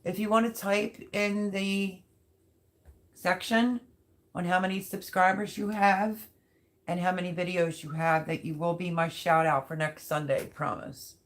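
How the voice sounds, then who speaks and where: A woman with a lowish voice, fairly even intonation and measured pace hosts a casual live stream. She drifts loosely from topic to topic, talking right to her audience while reading out their comments.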